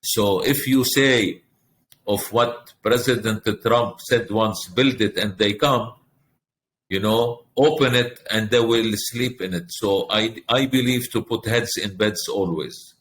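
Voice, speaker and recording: A man's voice: on the low side, slow, fairly bright tone, slight background noise. A middle-aged man, a hotel group president, answering in a podcast interview with earnest, repetitive, speech-like phrasing.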